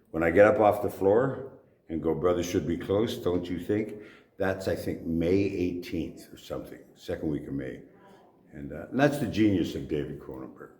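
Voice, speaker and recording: Deep-voiced older man, gruff storyteller. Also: darkish tone. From Canada. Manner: gruff, swears casually, laughs at own stories. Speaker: actor guest. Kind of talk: anecdotal interview storytelling. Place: convention venue indoors. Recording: echoey convention room.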